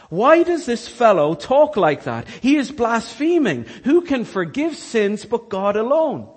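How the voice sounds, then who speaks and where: A man preaching a sermon, telling Bible stories with animated, rising energy at the dramatic parts. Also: breathy edge. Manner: animated storytelling, rising in pitch and volume at dramatic retellings. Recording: long hall reverb.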